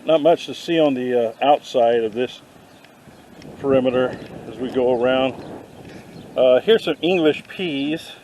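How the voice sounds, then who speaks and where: A man vlogging a walk through an outdoor garden, dropping deadpan puns as he goes. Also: mid-range voice, unhurried, rough recording. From not from the South. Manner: deadpan punning asides. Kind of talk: joking walk-through commentary. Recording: faint outdoor noise.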